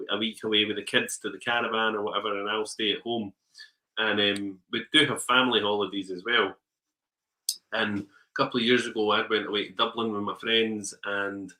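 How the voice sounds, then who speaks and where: Bright-voiced, low-pitched man. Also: low-quality recording. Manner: rambling storyteller, laughs often, trails off with ums. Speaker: podcast co-host. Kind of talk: casual chat.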